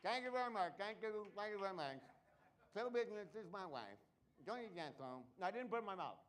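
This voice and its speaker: A man's voice: high voice, expressive, fast talker, a bit bright. A man performing a live comedy magic show, joking with volunteers from the audience between tricks.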